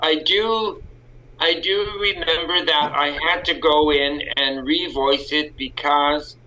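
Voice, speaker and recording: Slow-talking Canadian man, very bright tone. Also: on the high side, fairly even intonation, poor audio. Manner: rambling, self-correcting, candid. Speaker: guest actor. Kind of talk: casual podcast interview.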